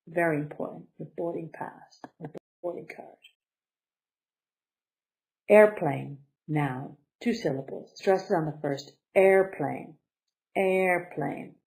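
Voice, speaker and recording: A woman teaching a beginner English lesson, speaking slowly and deliberately and stressing syllables to model pronunciation. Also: lowish voice, warm tone, poor audio.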